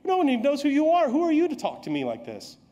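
A man's voice: extremely high pitch, wildly swooping pitch, fast talker, pitched above the performer's own voice, exaggerated voice. A pastor putting on a furious ancient king. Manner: indignant shouting. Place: church.

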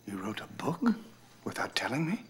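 An actor playing a vain, ambitious small-town doctor with a gravelly, self-important manner. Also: male voice, on the low side, very animated, moderate pace, a bit bright. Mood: boastful.

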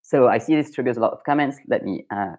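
Casting: young adult male French coach, French accent, mid-pitched voice, loose live-stream chat full of fillers. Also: quick pace, darkish tone. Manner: chatty, thinks aloud with many fillers and restarts.

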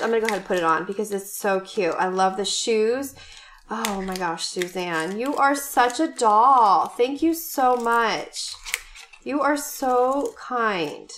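A woman vlogger opening fan mail on camera, chatting casually, gushing and excited, with frequent gasps and many rambling fillers. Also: fairly high pitch.

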